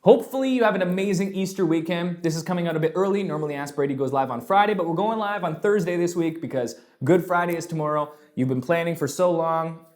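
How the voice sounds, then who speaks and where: Man, show host, casual Q&A explainer, energetic, quick and animated, jokes around. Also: on the high side. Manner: energetic, fast, animated, jokey. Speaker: show host answering viewer questions.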